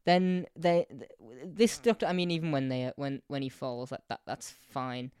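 Animated male podcast co-host with a smooth voice. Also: medium pitch, normal speed, no echo, studio quality. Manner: animated, laughs often, swears, repeats words and does voices for quotes. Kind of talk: casual chat.

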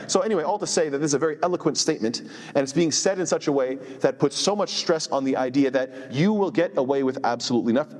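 A man explaining scripture in a lesson, emphatic and quick, often posing rhetorical questions to his listeners. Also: fairly high pitch, darkish tone, long reverb tail. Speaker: Quran teacher.

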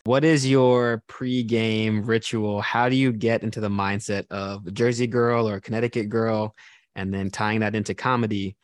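Low-voiced man hosting an interview. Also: moderate pace, dry recording. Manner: relaxed, asks several questions in a row. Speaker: podcast host. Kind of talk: interview questions.

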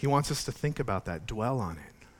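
A man's voice: mid-range voice, expressive, a little fast. A male pastor preaching a conversational sermon, talking casually with frequent restarts and asides.

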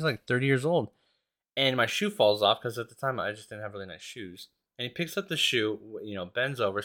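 A man's voice: medium pitch, sharp tone. A man hosting a podcast, telling a long story in a casual, rambling and profane way. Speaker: podcast host.

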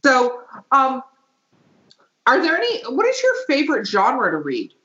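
A woman's voice: high voice, wildly swooping pitch, a little slow, pushed and bright. A woman hosting a podcast in casual chat, joking and laughing a lot, a bit tipsy. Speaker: podcast host. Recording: echoey room, dull lo-fi sound.

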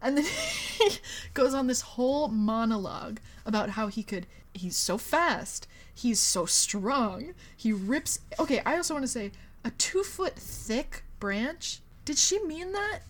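A woman's voice: a little high, big pitch swings, measured pace. A young woman co-hosting a podcast, making sarcastic, joking remarks about a book in casual chat. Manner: wry, sarcastic commentary with dry jokes. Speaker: podcast co-host.

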